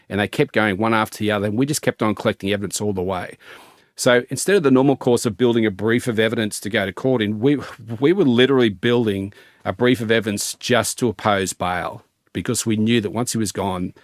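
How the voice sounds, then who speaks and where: A middle-aged man, a former police detective, recounting a case in an interview in a measured storytelling manner with fillers and restarts. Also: on the low side, no room sound, studio quality. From Australia.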